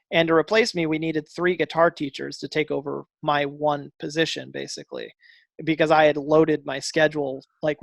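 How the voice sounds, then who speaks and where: A man guesting on a podcast, telling a story animatedly, acting out dialogue with fillers and quick restarts. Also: a little high, vocal fry, a bit bright, no echo. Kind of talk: casual storytelling interview.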